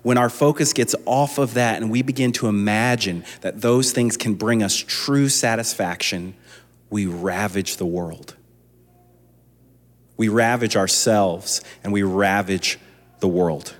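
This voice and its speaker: A man's voice: on the low side, measured pace. A man preaching a sermon as a pastor, talking conversationally with frequent restarts and building to impassioned emphasis. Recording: long reverb of a large hall.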